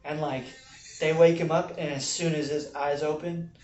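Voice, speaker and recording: A low-pitched woman tells a story in casual chat, leaning on fillers and acting out the shouting parts. She sits well back from the mic. The room echoes and there is steady noise behind her. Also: normal speed, highs cut off. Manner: animated, lots of fillers, acts out yelled quotes. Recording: roomy distant mic with noise.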